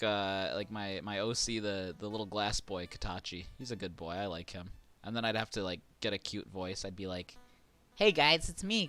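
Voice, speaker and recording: A man streaming a horror game, casually chatting, reading game text aloud and getting excitable. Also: sits low. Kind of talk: casual let's-play commentary.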